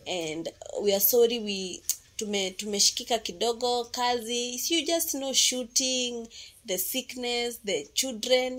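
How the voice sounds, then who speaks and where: A Kenyan woman with a slightly high voice who talks in a playful, exclamatory way. She chats casually with her viewers in a couple's vlog. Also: a bit bright. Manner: playful, exclamatory, mixes in Swahili. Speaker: vlogger, wife. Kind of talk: casual chat.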